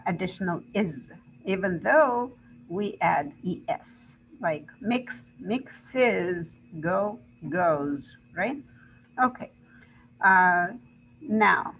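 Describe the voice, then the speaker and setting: A woman's voice: medium pitch, creaky, a bit bright, a little hiss or hum, poor audio. A woman teaching an English grammar lesson, explaining rules step by step and checking in with "right?". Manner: slow, deliberate, repeats examples and checks with "right?".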